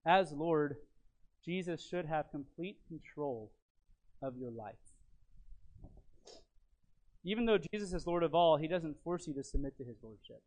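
This is a man preaching a sermon in a slightly high voice. He teaches from his notes with earnest emphasis. Some phrases land loud and others drop to a near-murmur. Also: lively intonation, unhurried, pauses often. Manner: earnest and emphatic, swings from loud stresses to quiet lines; teacherly, walks through notes and fill-in blanks.

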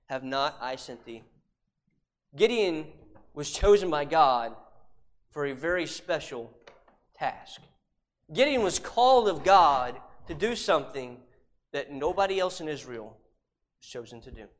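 A man preaching a sermon, emphatic, repeating rhetorical questions and dropping suddenly to a hush. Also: fairly high pitch, expressive, unhurried, long pauses.

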